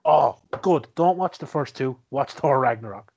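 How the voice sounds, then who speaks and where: A man's voice: medium pitch, expressive, normal speed, creaky, a little mellow, husky, muffled recording. A man casually chatting about his favourite movies as a co-host. He laughs often, restarts his sentences and swears. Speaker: podcast co-host.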